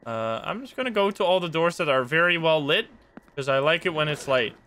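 A man streaming a horror game live, reacting jumpily with excitable, swearing commentary. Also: fairly high pitch, a little fast.

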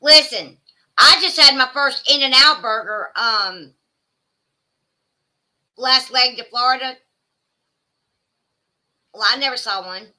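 Her voice sits high and moves slowly, with long pauses and a pushed, bright sound. She's a Southern American woman hosting a livestream, casually chatting and reading viewer comments aloud. Chatty and exclaiming, she drawls asides to chat.

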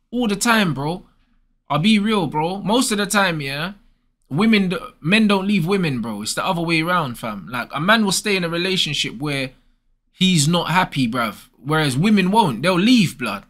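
A man's voice: high-pitched, bright, forceful tone. A young man, ranting casually and bluntly with lots of slang as host. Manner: blunt, slangy, repeats "bro" and "bruv". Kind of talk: casual advice rant.

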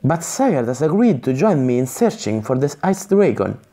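A man reading the lines of a spirited young female adventurer in a gamebook, in a plain, slightly halting way. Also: medium pitch, sing-song, mellow. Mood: indignant.

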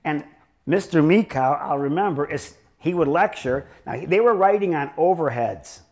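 A man's voice: on the high side, animated, normal speed, darkish tone. Sarcastic older man telling stories. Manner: sarcastic, joking, rambling. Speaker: chiropractor lecturer. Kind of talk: humorous lecture storytelling.

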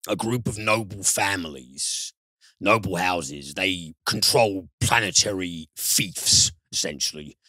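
Low-voiced british guy, punchy bright sound, keen and sweary, chatting films on a podcast. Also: slow pace, no room sound, studio quality. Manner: enthusiastic, casual swearing. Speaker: film reviewer. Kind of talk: casual podcast chat.

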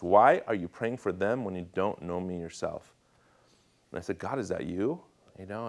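A young adult man giving a sermon testimony as guest speaker, acting out family dialogue in an animated storytelling manner. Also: low-pitched.

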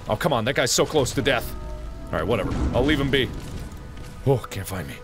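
A man streaming a game live, joking and yelling at enemies, then dropping to low mutters. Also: brisk, pauses often, over music. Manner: excitable, jokey, yells at enemies then mutters.

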